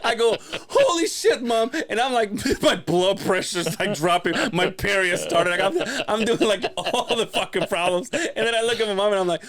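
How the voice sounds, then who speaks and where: A man's voice: high voice, normal speed, hardly any pauses, a bit bright. A man telling a funny family story on a podcast, laughing often and swearing casually. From Latin American family. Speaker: podcast guest.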